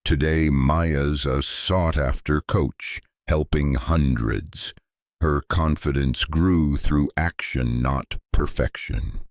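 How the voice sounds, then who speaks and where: A man delivering a scripted motivational speech in a slow, deliberate, emphatic way. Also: a bass voice, steady tone, no room sound, studio quality. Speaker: motivational speaker.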